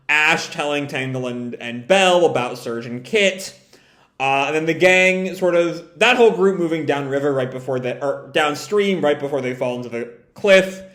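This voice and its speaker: A man's voice: fairly high pitch, fairly bright tone. A man casually reading a comic aloud and commenting on it, rambling and correcting himself as he goes. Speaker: comic reaction host. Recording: echoey room.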